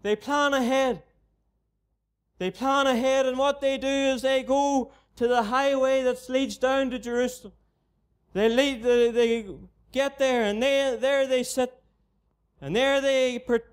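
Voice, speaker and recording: A man's voice: very high-pitched, clean tone. A man with a Northern Irish accent preaching a gospel sermon in a mission tent, earnestly repeating his appeals to the unbeliever.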